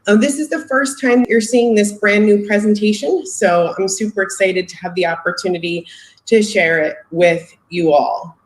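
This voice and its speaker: A woman's voice: medium pitch, roomy sound, low-quality recording. A woman, a company marketing executive, giving a heartfelt, emotional live presentation on a video call, close to tears.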